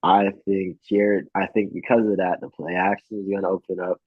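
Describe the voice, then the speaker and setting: A man's voice: deep voice, moderate pace, dry recording. A man co-hosting a casual sports betting chat, swearing freely and telling stories with animation. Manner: profane, animated storytelling. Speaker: podcast co-host. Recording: tinny phone-like sound.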